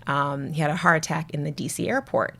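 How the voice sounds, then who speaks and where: A woman's voice: deep voice, brisk, creaky. A woman from Atlanta, a podcast guest telling family stories in a casual chat, acting out the people she quotes. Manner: animated storyteller, acts out quotes.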